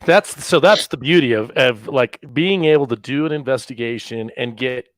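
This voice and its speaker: A man's voice: mid-range voice, moderate pace, no room sound, poor audio. Joking podcast host, man. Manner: joking, crude, short reactions. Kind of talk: casual chat.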